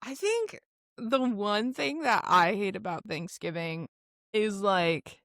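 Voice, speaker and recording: A young woman with a medium-pitched voice co-hosts a podcast in easy, laid-back chat. She reacts with laughs and short exclamations, and the recording is close and dry. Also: lively intonation, takes it slowly, fairly bright tone, no room sound. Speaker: podcast co-host. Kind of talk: casual chat.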